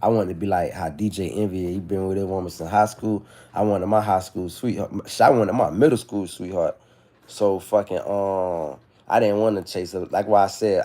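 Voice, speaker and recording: A man's voice: low-pitched, mellow. A young man talking frankly and rambling on a livestream from his phone, swearing freely as he opens up about heartbreak. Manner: rambling, frank, profane, confessional. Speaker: livestream host. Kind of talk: candid livestream talk.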